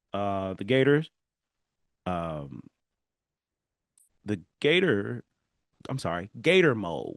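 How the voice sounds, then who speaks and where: A man's voice: on the low side, no echo, clean studio sound. A man from Southern California hosting a solo podcast, telling stories animatedly and laughing as he talks straight to his listeners. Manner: animated storytelling, laughing, talking to listeners directly. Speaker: podcast host. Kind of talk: casual solo podcast monologue.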